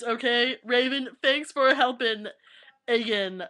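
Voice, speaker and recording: A woman's voice: fairly high pitch, lively intonation, unhurried, sharp tone. A young woman vlogging at her webcam, reading aloud and often breaking into giggles. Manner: giggly, keeps breaking into laughter while reading. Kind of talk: casual vlog, reading aloud.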